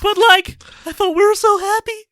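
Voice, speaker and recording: A man doing a squeaky cartoon slacker voice that jumps up an octave halfway through each sentence. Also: fairly even intonation, moderate pace, sharp tone, no echo, clean studio sound. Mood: startled.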